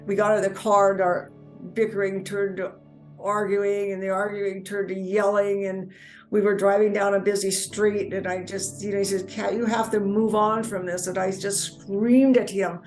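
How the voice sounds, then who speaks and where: A woman telling her personal life story in earnest, halting speech, often repeating words as she goes. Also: mid-range voice, flat delivery, soft background music, poor audio. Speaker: near-death experience storyteller. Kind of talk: personal testimony.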